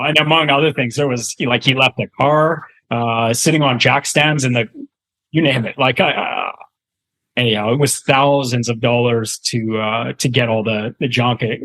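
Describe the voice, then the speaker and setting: A Canadian man in his thirties tells a story as a podcast guest in a medium-pitched voice. He rambles with plenty of fillers and restarts and chuckles as he goes. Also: steady tone, normal speed, a bit bright, low-quality recording. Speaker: guest real estate investor. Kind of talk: casual storytelling in a podcast interview.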